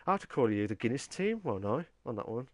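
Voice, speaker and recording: A man's voice: medium pitch, sing-song, fast talker, no echo. A man hosting a casual live-streamed podcast, rambling with many fillers and reading out viewer comments. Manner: rambling, lots of fillers and restarts. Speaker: podcast host.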